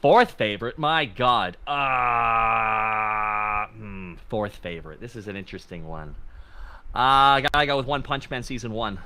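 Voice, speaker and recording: A man chatting as a podcast guest in an animated, excitable way. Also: lowish voice, a little slow. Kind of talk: casual chat.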